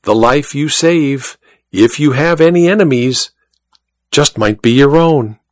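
A man's voice: mid-range voice, a little slow, close to an everyday voice. A man voicing a sly little male druggist who mocks his customer with chuckles and smug teasing.

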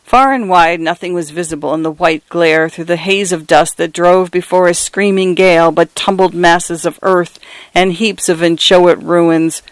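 A man reading a story aloud in a measured, dramatic way. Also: high-pitched, steady tone, smooth, dry recording, low-quality recording. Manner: dramatic, measured, lingering on phrases. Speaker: narrator. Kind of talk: storybook narration.

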